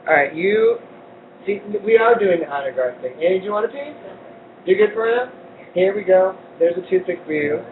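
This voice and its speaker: Playful high-voiced man hosting a cooking stream. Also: lively intonation, brisk. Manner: playful, jokey, laughs often. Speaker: cooking show host. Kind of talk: casual live cooking chat. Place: indoor community kitchen. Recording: lo-fi phone-like livestream audio with faint rumble.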